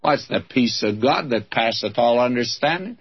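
A Southern American man preaches a fervent radio sermon, his husky voice swinging widely up and down in pitch. He calls out warmly to his listeners as friends with exclamations of praise. The recording sounds dull and lo-fi, like an old broadcast. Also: animated, moderate pace. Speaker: radio Bible teacher.

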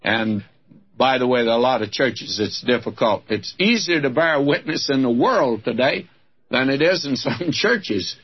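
A Southern American man preaches a fervent radio sermon, his husky voice swinging widely up and down in pitch. He calls out warmly to his listeners as friends with exclamations of praise. The recording sounds dull and lo-fi, like an old broadcast. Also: expressive, moderate pace. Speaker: radio Bible teacher.

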